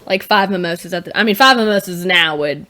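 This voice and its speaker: A woman in her twenties from Tennessee, co-hosting a casual podcast in a relaxed, laid-back way and laughing easily. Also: on the low side, fairly quick. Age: 20s. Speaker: podcast co-host. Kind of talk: casual chat.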